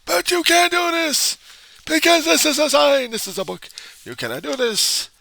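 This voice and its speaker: A man putting on the voice of a frantic male protester who shouts the same words over and over. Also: medium pitch, big pitch swings, very fast, pitched above the performer's own voice. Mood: frantic shouting. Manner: shouting, insistent, repeating himself.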